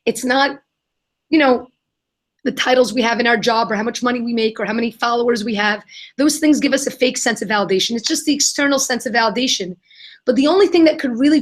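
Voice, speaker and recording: A young adult woman answering questions in a live Q&A, telling an animated story and acting out the voices of the people in it. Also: a little high. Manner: animated, acts out quoted voices. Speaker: guest, kindness nonprofit founder.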